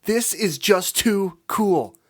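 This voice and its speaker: Bubbly, hyper young female bat pony, put on by a male narrator; high, loud, squealing storybook voice. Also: a little slow, slightly rough, full character voice. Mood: excited. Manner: squealing, excitable, rambling.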